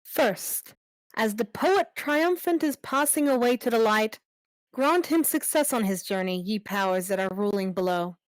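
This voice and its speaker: A woman's voice: fairly high pitch, expressive, measured pace, no echo, poor audio. A woman reading the part of a chorus of worshippers, with earnest, chant-like verse in an amateur online play reading. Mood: solemn.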